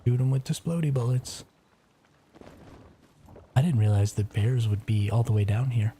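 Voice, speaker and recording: Male streamer, relaxed gameplay chatter to his chat, warm low voice, faint background noise. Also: moderate pace. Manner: chatty, reads chat aloud. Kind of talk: casual gameplay commentary.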